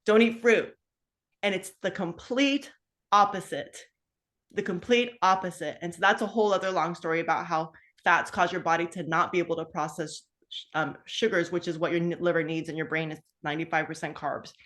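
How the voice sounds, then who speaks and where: A woman's voice: on the low side, a little fast. A woman in her fifties telling her own health story in a casual, chatty way, full of asides and fillers. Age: 50s. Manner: animated, acts out her own past dialogue. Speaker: guest sharing a health story.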